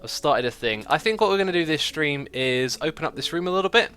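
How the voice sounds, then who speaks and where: Bright-voiced man chatting on a game stream. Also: on the high side, expressive, quick pace, smooth, soft background music. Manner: chatty, laughs often, reads out donations and chat. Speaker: streamer host. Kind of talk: casual livestream chat while gaming.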